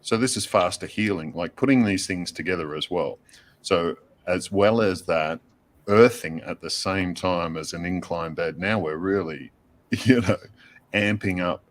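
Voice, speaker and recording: A man talking in a relaxed, casual way as host of a chat, with many loose fillers. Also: low voice.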